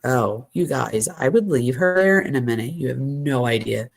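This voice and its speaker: A woman's voice: rumbling low, animated, normal speed, gravelly. A middle-aged woman hosting a show, reading text messages aloud and adding blunt asides to her viewers. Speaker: host.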